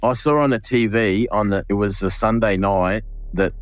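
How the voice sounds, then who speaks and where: An Australian butcher recounting a late coworker in an emotional interview, with halting restarts and acted-out dialogue. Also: male voice, lowish voice, dry recording, soft background music. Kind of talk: interview recollection.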